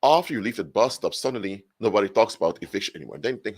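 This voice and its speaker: A man giving an animated solo monologue, explaining through hypothetical examples, often restarting and correcting himself mid-sentence. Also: fairly low pitch, racing, husky. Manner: frequent restarts and self-corrections. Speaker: spiritual commentator.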